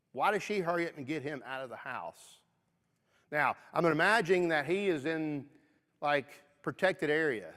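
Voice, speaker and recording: A man's voice: mid-range voice, fairly bright tone. West Kentucky man teaching a Bible class. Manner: conversational, frequent "okay?" check-ins. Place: church auditorium. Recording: long reverb of a church auditorium.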